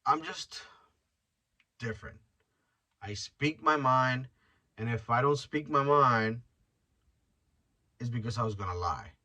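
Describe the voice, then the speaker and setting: A man's voice: medium pitch, slow, pauses often, bright, forceful tone, recorded from a distance. Blunt, profane man, slightly off-mic. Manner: rambling, blunt and profane, with frequent restarts. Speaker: podcast host. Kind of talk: casual solo podcast monologue.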